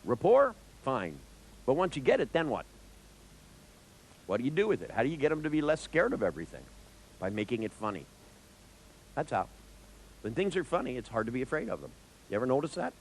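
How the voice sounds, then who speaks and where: A man's voice: mid-range voice, brisk, long pauses, a little hiss or hum, rough recording. A therapist giving a live seminar talk to an audience, joking and speaking straight to listeners as he explains. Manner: animated, joking, acts out dialogues with clients.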